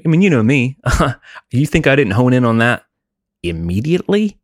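A man's voice: medium pitch, big pitch swings, normal speed, dry recording, studio quality. A man in his forties, a podcast co-host, telling candid and emotional stories about his family in casual chat.

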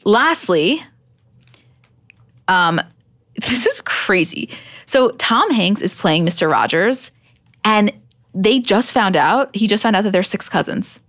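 A young adult woman co-hosting a casual pop culture podcast, animated and emphatic, swearing casually. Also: mid-range voice, takes it slowly, long pauses, dry recording, clean studio sound. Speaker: podcast co-host.

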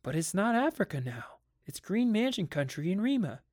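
A man's voice: high voice, big pitch swings, normal speed, darkish tone, no echo, clean studio sound, voice pushed up. A man voicing an anxious, questioning mother in a dramatic audiobook reading. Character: worried mother, uneasy wife.

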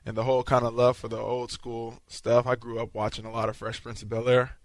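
A man, a pro football player, answering interview questions in a relaxed, modest way. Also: mid-range voice, a little fast, no echo. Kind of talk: post-practice interview.

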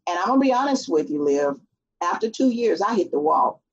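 A middle-aged woman tells a story in a relaxed interview and slips into the voices of the people she quotes. Her voice is a little husky, and the recording sounds dull and lo-fi. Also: medium pitch, brisk. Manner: animated, acts out quoted voices. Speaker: guest.

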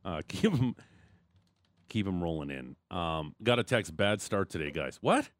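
A man's voice: low voice, big pitch swings, a little slow, dry recording, studio quality. A man hosting a sports radio show, bantering casually and reading listener texts. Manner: joking, reads texts and ad reads. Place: radio studio.

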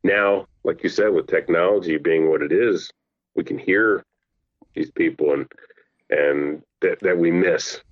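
A middle-aged man chatting as a podcast guest over the phone, telling family stories in an animated, laughing way. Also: low-pitched, a little slow, no echo. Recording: dull lo-fi phone line.

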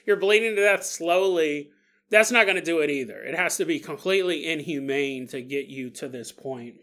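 A man's voice: fairly high pitch, normal speed, pushed and bright. A man hosting a podcast, talking in a casual, joking monologue, laughing often and acting out quoted people in exaggerated voices. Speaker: podcast host.

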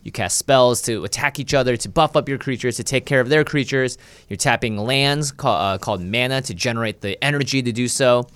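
A man's voice: mid-range voice, fairly quick, a bit bright, clear, resonant tone, dry recording. A young man with a Canadian accent, a podcast guest who talks in an easygoing, jokey way. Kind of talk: casual interview chat.

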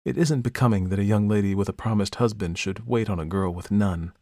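Jealous proud young woman, sharp and cold, voiced by a male narrator, dry close recording. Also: on the low side, brisk, no room sound, close to an everyday voice. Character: jealous elder sister, proud and bitter.

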